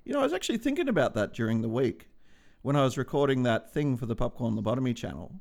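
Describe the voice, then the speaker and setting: A man in his forties co-hosting a casual podcast, laid-back and quick to swear and laugh. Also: mid-range voice, big pitch swings, vocal fry, a little mellow. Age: 40s. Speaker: podcast co-host. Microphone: studio microphone.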